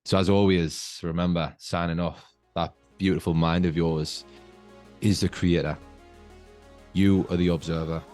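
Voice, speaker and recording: Deep-voiced man giving motivational talk. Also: level tone, a little mellow, faint music behind. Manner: earnest, slow, emphatic coaching tone. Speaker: podcast host. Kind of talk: motivational podcast monologue.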